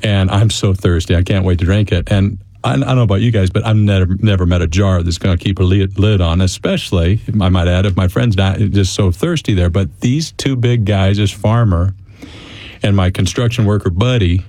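Low mellow man telling a story. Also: fairly quick, dry recording. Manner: chatty, with asides to the listeners. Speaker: interview guest. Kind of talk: casual storytelling.

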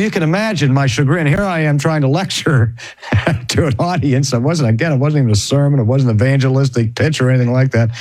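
A man preaching and teaching, telling a story with emphatic, slowed stresses on key phrases. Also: medium pitch, a little mellow, no room sound. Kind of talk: storytelling sermon.

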